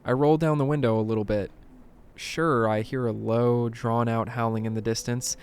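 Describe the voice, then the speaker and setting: A man reading creepy first-person stories aloud in a dramatic narration, dropping to a hush at tense moments. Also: medium pitch, fairly even intonation, moderate pace, clear, resonant tone. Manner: dramatic, hushed at tense moments, bursts of alarm. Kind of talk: scripted horror story narration.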